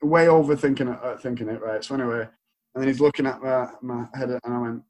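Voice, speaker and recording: Twenties guy w/ a greater manchester accent, rambly storytelling, mid pitch, chatty. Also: steady tone, quick pace, crowd noise, low-quality recording. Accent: Northern English, Greater Manchester. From England. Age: 20s. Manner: rambling storyteller, acts out quotes. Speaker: stand-up comedian. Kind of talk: casual chat.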